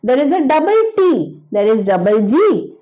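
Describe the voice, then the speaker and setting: A woman teacher talks children through an English grammar lesson. She repeats each example word slowly, with a high, lively voice that rises and falls a lot. The recording sounds dull and lo-fi.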